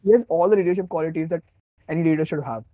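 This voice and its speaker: A man co-hosting a casual podcast, earnestly explaining anime plot points. His voice is high with a mellow tone. It comes through a dull, dry, lo-fi mic. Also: racing, no room sound. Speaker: podcast co-host.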